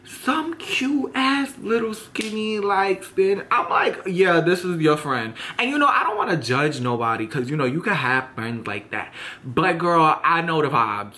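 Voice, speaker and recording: A man's voice: a little high, sing-song, normal speed, bright, forceful tone, slight background noise. A young man with a New York accent telling a storytime vlog in a sassy, dramatic rant, swearing freely and addressing his viewers directly. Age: young adult. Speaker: vlogger.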